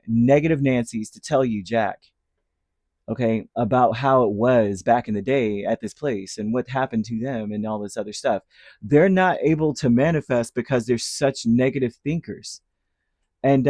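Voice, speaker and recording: A man giving a casual tarot reading, chatty and animated, full of fillers and restarts. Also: mid-range voice, dry recording, clean studio sound. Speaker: tarot reader.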